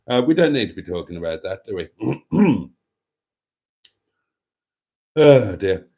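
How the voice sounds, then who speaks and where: Lively-pitched man reading chat. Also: slow, vocal fry. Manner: reads chat aloud, sings snatches of songs, groans and mutters asides. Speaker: livestream host reading viewer comments. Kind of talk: casual livestream chat.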